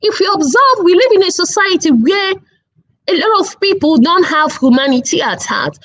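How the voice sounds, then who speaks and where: A woman in her thirties giving an online parenting talk, earnest and repetitive, stressing points with slow emphatic phrases. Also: extremely high pitch, very animated, fairly bright tone, low-quality recording. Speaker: webinar speaker on parenting.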